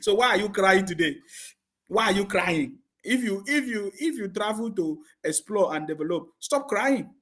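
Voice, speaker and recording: A man with a high voice rants on a live stream, answering viewer comments with open scorn. He laughs often and keeps firing questions back at his critics. His delivery is mocking and heated. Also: lively intonation, moderate pace, fairly bright tone.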